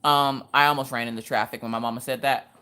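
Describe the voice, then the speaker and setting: A young woman hosting a craft livestream, telling a story to her viewers in an animated way and acting out the quotes with Southern slang. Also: extremely low pitch, fast, smooth.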